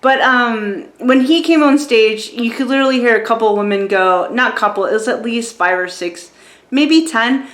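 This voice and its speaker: A woman's voice: on the high side, normal speed, a bit bright. Chatty woman in her forties, roomy echo. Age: 40s. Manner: chatty and rambling, many fillers and restarts, laughs at her own stories. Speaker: vlogger reviewing a show. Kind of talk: casual storytelling.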